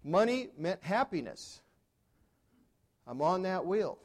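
A man's voice: high-pitched, sing-song, slow pace. Conversational male keynote storyteller. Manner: conversational, asks the audience questions, dry humor. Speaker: motivational speaker. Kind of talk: storytelling keynote to a live audience.

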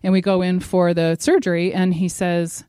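Animated woman giving a devotional talk. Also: lowish voice, normal speed, clean tone, dry recording, studio quality. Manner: animated storyteller who acts out quotes and speaks directly to her listeners. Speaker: devotional speaker. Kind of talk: religious devotional talk with personal story.

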